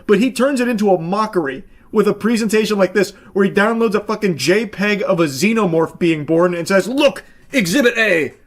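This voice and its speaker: A man commentating casually on a clip he pauses, with sarcastic, profane, exasperated rants. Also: high-pitched.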